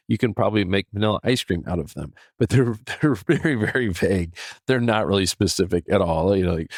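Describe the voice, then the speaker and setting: Middle-aged male podcast host, deep voice, dry close sound, earnest casual chat with restarts. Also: fairly quick, no echo. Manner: earnest, animated, many restarts and fillers. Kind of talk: casual devotional talk.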